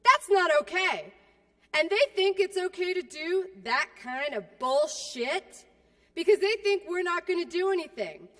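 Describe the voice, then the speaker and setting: A woman speaker with a high voice fires up a union crowd, blunt and profane. She drops into quiet asides, then builds to shouts. Her voice rings out with a long reverb in a large hall. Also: lively intonation, measured pace. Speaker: keynote speaker. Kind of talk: fiery union rally speech.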